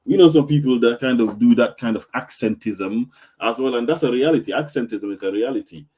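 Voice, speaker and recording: This is a man hosting a casual discussion. He sounds animated, repeats himself and laughs often. His voice sits at an ordinary middle pitch. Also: a little fast, husky.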